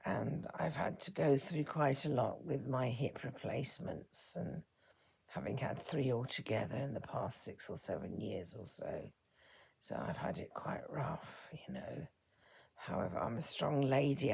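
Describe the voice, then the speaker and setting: This fifties-aged woman's voice is very deep, gravelly and breathy, yet her intonation stays lively. She vlogs a personal reflection, speaking softly and haltingly, with her words frequently trailing off into a whisper.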